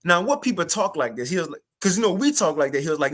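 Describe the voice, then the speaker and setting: Animated young man telling a testimony. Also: sits high, fast talker. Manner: animated, repetitive storytelling with casual slang. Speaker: spiritual teacher sharing a testimony. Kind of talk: livestreamed spoken testimony.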